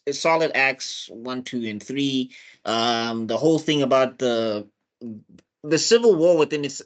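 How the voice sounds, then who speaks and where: A man's voice: mid-range voice, a bit bright. A man, chatting casually on a film review panel, opinionated and rambling, often restarting his sentences. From South Africa.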